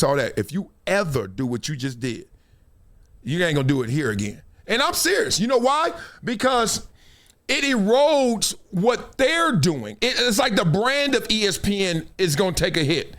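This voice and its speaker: Animated, high-voiced male show host. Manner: animated, acts out voices, slangy. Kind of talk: casual commentary livestream.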